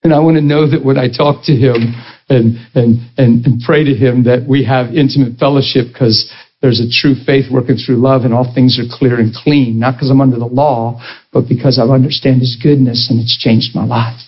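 A man's voice: mid-range voice, fairly even intonation, normal speed, husky. Conversational male preacher, muffled audio. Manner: conversational, checks in with the congregation. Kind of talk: sermon.

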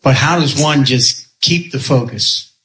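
A man with a middle-pitched voice shares a personal question with a congregation. He talks slowly and weighs each word. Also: bright, forceful tone. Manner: slow and deliberate.

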